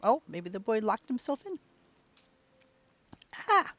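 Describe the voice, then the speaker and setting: A woman streamer musing aloud through a game in a chatty, animated way. Her voice sits fairly high. The recording is dry and slightly dull. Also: takes it slowly, no echo. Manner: chatty, musing, with bursts of excitement. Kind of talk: let's play commentary.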